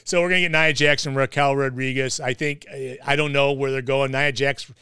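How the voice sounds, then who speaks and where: A man's voice: medium pitch, steady tone, a little fast, pushed and bright, clear, resonant tone, no room sound. A man hosting a casual wrestling podcast, rambling with lots of fillers and restarts. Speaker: podcast host.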